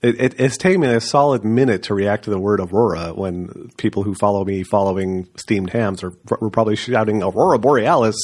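A man's voice: lowish voice, fairly quick, few pauses, darkish tone. A man co-hosting a casual podcast, talking in a rambling, swearing way full of fillers and restarts. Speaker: podcast co-host.

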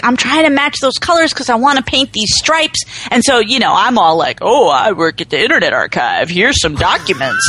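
A woman from New England chats on a podcast with a lively, swooping voice. She talks breezily and lets her sentences trail off into "blah, blah, blah." Her pitch rises and falls constantly as she tells the story. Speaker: podcast co-host. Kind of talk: casual chat.

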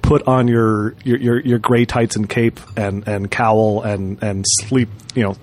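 A man's voice: fairly low pitch, flat delivery, unhurried, a little mellow. A man hosting a casual podcast chat, joking with wry banter. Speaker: podcast host.

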